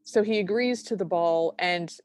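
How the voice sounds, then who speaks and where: A woman's voice: fairly low pitch, normal speed, a little mellow, no room sound, studio quality. A woman co-hosting a podcast, recapping a film in casual chat and acting out quoted lines with enthusiasm. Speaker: podcast co-host.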